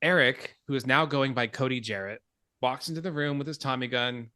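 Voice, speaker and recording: A man hosting a podcast, recapping a horror film in casual, animated talk, swearing and laughing at himself. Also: medium pitch, fairly quick, clean tone, no echo, studio quality. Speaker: podcast host.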